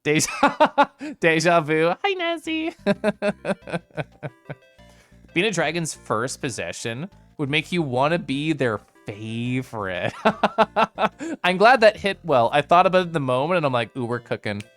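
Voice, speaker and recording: A man's voice: on the high side, big pitch swings, slow, fairly bright tone, soft background music. A man streaming a game, chatting casually with viewers, bubbly and giggly. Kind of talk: casual live-stream chat.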